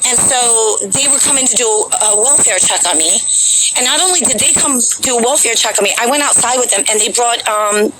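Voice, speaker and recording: A woman's voice: on the high side, fairly quick, heavy background noise. A woman vlogger telling a long personal story to her viewers in a rambling, chatty way, full of fillers, outdoors near a capitol building. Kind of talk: casual storytelling to camera.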